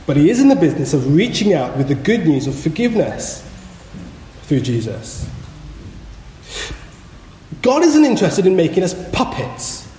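Lively, mellow-voiced man preaching in an echoey hall. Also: a little high, slight background noise. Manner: earnest, measured preaching with emphatic stresses. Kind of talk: sermon. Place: church. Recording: echoey hall with long reverb.

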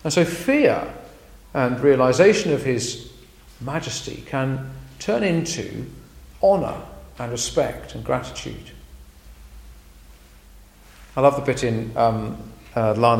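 A man preaches in an animated voice that rises and falls for emphasis. His voice has a gravelly edge, and the room rings with echo. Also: medium pitch, unhurried, pauses often. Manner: lively, emphatic, frequent ums. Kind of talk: sermon. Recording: echoey room.

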